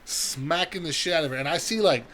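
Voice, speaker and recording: A young man spins a profane story on a podcast at a rapid clip, his voice pitched a touch high. He acts out every line of dialogue himself. A faint hum of room sound sits underneath. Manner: profane, animated storytelling with acted-out quotes. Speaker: podcast co-host. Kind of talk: casual storytelling.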